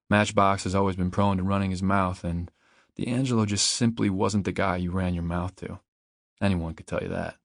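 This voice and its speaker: A man reading his own novel in the first person, in a measured, reflective way, close to a studio mic. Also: low voice, creaky, dry recording. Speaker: audiobook narrator and author. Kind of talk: first-person audiobook narration.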